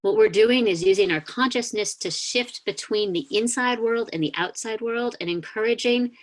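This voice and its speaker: A woman minister giving a sermon over a video call, gently guiding a grounding meditation with calm, inviting words and a few soft hesitations. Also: fairly high pitch, normal speed. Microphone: video call mic.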